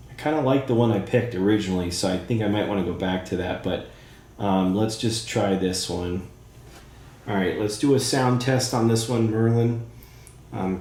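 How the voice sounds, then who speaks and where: In an echoey room, an eager male psychic medium with a fairly low, darkish voice conducts a spirit session, speaking to a spirit. He thinks aloud and uses many fillers.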